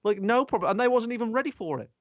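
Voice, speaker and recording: A man, hosting a podcast in casual chat, animated, sweary and rambling. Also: very high-pitched, fast talker, dry recording. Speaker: podcast host. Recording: dull lo-fi sound.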